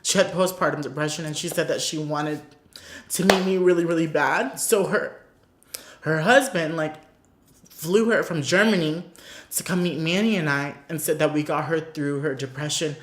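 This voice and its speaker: A man's voice: on the high side, moderate pace, a bit bright. A man from Florida answering fan questions in a casual beauty vlog, gushing and emotional with many "like" fillers, seated before a paper backdrop. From Orlando, Florida, US. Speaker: beauty YouTuber. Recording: roomy echo.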